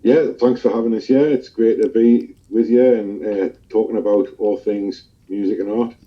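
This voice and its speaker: A man's voice: on the low side, steady tone, normal speed. A man, a guest in a casual interview, telling stories in a chatty, rambling way. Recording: dull lo-fi recording.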